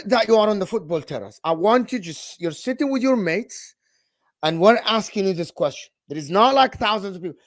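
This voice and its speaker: A high-pitched man presses a fellow fan in a heated football debate. He pushes, repeats his question and won't let it go. His voice sounds dry and close to the mic. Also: lively intonation, fairly quick, dry recording.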